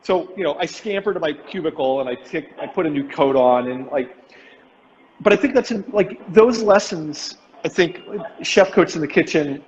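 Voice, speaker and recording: A man's voice: a little high, in a large hall, muffled recording, a little hiss or hum. A man hosting a casual chat over a video call, rambling with many fillers and restarts. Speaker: host.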